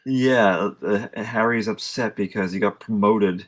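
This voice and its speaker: A man with a low, husky voice chatting casually as a podcast co-host. He talks in a relaxed way, filling his sentences with "like" as he recalls the scenes of a film. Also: measured pace. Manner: relaxed, many "like" fillers. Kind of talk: casual film review chat.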